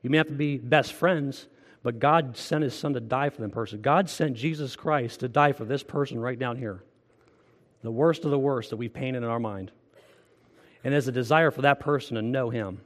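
A man's voice: mid-range voice, moderate pace, long reverb tail. A man preaching a sermon as pastor, earnest and conversational, asking the congregation direct questions. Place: church.

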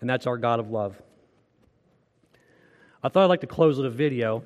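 A man's voice: mid-range voice, animated, moderate pace, long reverb tail. A man preaching a sermon as pastor, earnest and conversational, asking the congregation direct questions. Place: church.

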